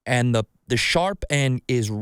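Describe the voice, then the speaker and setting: An unhurried, animated podcast host with a medium-pitched, fairly bright, clear and resonant voice rambles through a foul-mouthed story. He acts out his own remarks, and the clean studio recording has no room sound.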